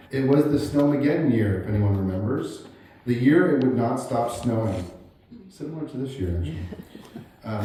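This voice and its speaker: A man in his forties giving a eulogy for his grandfather, reading family memories aloud in a halting way with many fillers and chuckles. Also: mid-range voice, dark tone. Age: 40s. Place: large hall at a memorial gathering. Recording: very echoey hall, voice heard from far off, faint room noise.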